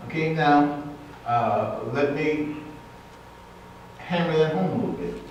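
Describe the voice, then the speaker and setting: A man preaching a sermon as pastor, speaking deliberately and emphatically and repeating key words for weight. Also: a little high, a little hiss or hum. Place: church sanctuary. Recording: echoey church hall, voice from a distance.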